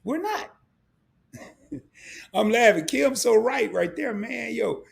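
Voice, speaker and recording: A middle-aged man hosting a casual live stream, talking to his chat in an animated way, laughing a lot and repeating words. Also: extremely high pitch, slow pace, creaky.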